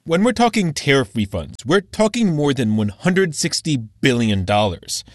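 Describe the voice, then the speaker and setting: A male radio reporter reads a scripted news story in a measured, explanatory manner, his medium-pitched voice swinging widely in pitch. The sound is close and dry, with no room around it.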